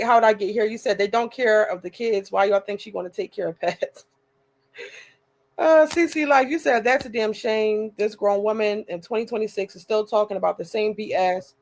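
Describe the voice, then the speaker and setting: A woman's voice: medium pitch, darkish tone. A woman hosting a reaction video, chatty and exasperated as she comments and reads viewer comments aloud. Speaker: reaction channel host.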